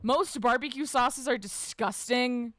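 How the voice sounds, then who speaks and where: A woman streamer chatting casually with her live chat, swearing freely, laughing often and shouting out greetings. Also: on the high side, a little slow, no echo. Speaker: livestreamer reading and answering chat.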